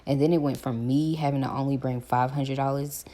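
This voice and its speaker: A woman, chatting casually to her viewers while doing her hair, animated as she retells her calls. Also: rumbling low, a little fast. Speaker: vlogger.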